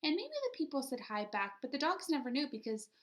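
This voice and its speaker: Very animated, a woman teacher reads a children's picture book aloud, pausing so her young audience can guess what happens next. She has a slightly high voice with a fairly bright tone and lots of expression.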